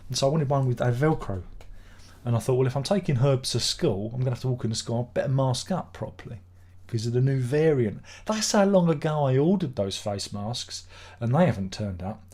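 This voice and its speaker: A man's voice: mid-range voice, expressive, a little fast, darkish tone. A middle-aged man hosting a casual live stream, grumbling, swearing and rambling in exasperation.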